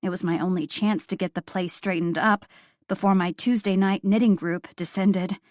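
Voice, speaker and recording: A woman reading a first-person novel aloud with wry, expressive storytelling. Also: on the low side, normal speed, dry recording, studio quality. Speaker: audiobook narrator. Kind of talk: first-person audiobook narration.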